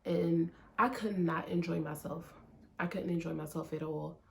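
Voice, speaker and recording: A woman's voice: fairly low pitch, fairly even intonation, moderate pace, gravelly, slight background noise. A young woman, vlogging candidly about her own life in a conversational way, with many "like"s and "um"s. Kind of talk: candid personal vlog talk. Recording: faint music underneath.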